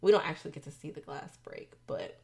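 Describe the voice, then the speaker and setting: A woman hosting a casual reality TV recap, expressive and sassy, throwing in quick asides. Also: deep voice, vocal fry.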